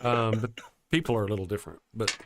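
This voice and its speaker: Relaxed man co-hosting a live stream. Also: on the low side, fast, noisy background. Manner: relaxed, reacts often, reads super chats. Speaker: co-host reading viewer chat. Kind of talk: casual live-stream chat.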